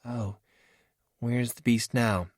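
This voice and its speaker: A man's voice: mid-range voice, fairly even intonation, takes it slowly, no room sound, pitched above the performer's own voice. A man reading aloud and voicing a bold, sarcastic young woman in a storybook, with dry, wisecracking talk.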